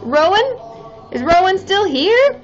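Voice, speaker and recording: On her casual live stream, a thirtysomething therapist talks with viewers in a bubbly, animated manner, often cheering them on. Her voice sits high at a normal speed, and the slightly dull audio carries faint background music.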